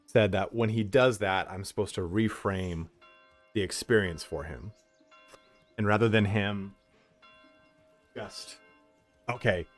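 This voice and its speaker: A man's voice: on the low side, no echo. A man streaming a strategy game, chatting casually, swearing freely and breaking off to give his dog commands at home. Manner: laid-back, swears freely, talks to his dog between game commentary. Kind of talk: casual live-stream chat.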